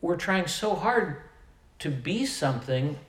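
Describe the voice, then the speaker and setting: This sermon comes from a Midwestern pastor whose voice is a little high and animated, captured with a roomy sound. He preaches slowly and with emphasis, letting his volume surge and fall away.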